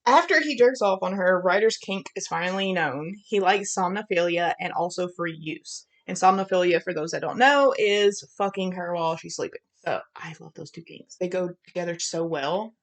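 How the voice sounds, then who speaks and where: A Southern-accented woman co-hosts a podcast, bluntly recapping a romance novel's plot in frank, profane, casual chat punctuated by giggles. Her voice is lowish, at a normal speed with hardly any pauses.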